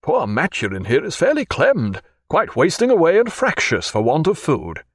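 A man voicing a composed, wry naval captain with crisp, dryly facetious speech, in an audiobook. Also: a little high, wildly swooping pitch, moderate pace, dry recording, clean studio sound, voice pushed up, full character voice. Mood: courteous.

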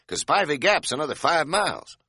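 A suspicious, grumpy cab driver makes curt demands in a raised, twangy voice, played by a man narrator. The voice is bright and sits dry and close. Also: fairly high pitch, big pitch swings, brisk, slightly rough, no echo, pitched above the performer's own voice, exaggerated voice. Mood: surly.

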